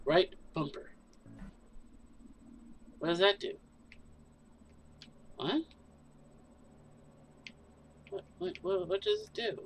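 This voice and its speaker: A woman's voice: mid-range voice, huge pitch swings, drawn-out words, creaky, pauses often, distant mic, slight background noise. A woman playing a video game, chattering playfully in character as a mother animal and using doting baby talk with her young.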